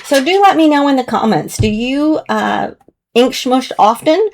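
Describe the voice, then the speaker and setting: A slightly hoarse woman chatting gently through a casual crafting tutorial as she works with her hands, now and then clearing her throat. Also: sits high, lively intonation, unhurried. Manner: chatty, gentle, talks while working with hands. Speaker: card-making demonstrator.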